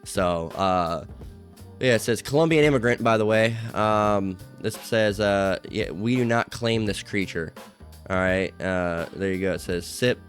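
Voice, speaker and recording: Rambling low-voiced man with faint guitar. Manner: rambling, full of fillers and profanity. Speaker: online commentator. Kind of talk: casual commentary reading out comments.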